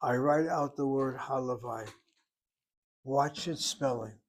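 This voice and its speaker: An older man teaching a Hebrew class, patiently explaining and slowly spelling out words. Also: mid-range voice. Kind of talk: classroom lesson.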